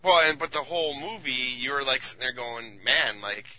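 A man's voice: medium pitch, a little fast, sharp tone, poor audio. A man co-hosting a casual podcast chat, talking in an enthusiastic, slangy way. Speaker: podcast co-host.

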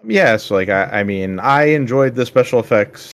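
A man's voice: medium pitch, lively intonation, moderate pace. A man co-hosting a film podcast, talking in an easygoing, agreeable casual way. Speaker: podcast co-host. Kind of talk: casual chat.

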